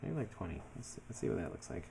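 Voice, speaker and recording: A man talking casually through his design work as he goes, thinking aloud in a relaxed way with many fillers. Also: fairly low pitch, racing, creaky, slight background noise. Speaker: web developer building his portfolio. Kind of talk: casual screen-share commentary.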